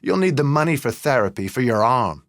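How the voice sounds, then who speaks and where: Hörbuch: ein Mann als höflicher, etwas ängstlicher geschiedener Vater. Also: male voice, mid-range voice, sing-song, a little fast, no room sound, studio quality, pitched above the performer's own voice. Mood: polite. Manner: polite, slightly nervous. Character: anxious, polite divorced father, adult man.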